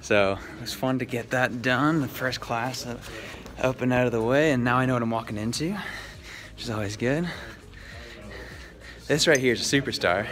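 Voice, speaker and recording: A man's voice: mid-range voice, normal speed, fairly bright tone. A man vlogging in a casual, upbeat and chatty way as he walks through an office building, talking into a handheld camera. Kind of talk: casual vlog narration.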